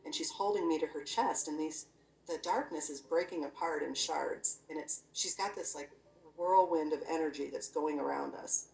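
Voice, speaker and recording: Low gravelly woman telling her story. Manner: earnest, conversational, full of "you know" and "I'm like". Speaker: guest sharing a near-death experience. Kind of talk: personal testimony, casual storytelling. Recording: echoey room, voice from a distance.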